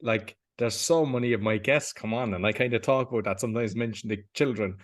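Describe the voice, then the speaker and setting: A man hosting a podcast interview, talking in a relaxed, thoughtful, musing way. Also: fairly low pitch, fairly quick. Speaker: podcast host. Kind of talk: casual interview conversation.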